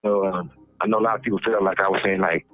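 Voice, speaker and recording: A man speaking as an interview guest, blunt and slow, in street slang. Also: deep voice, fairly even intonation, dry recording. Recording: tinny phone line with music under.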